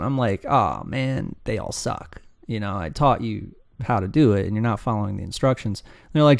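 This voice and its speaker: Man, business coach, rambling casual teaching, mid pitch, dry sound. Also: normal speed, gravelly, no echo. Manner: rambling, animated, acts out students' voices. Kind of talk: casual screen-share teaching.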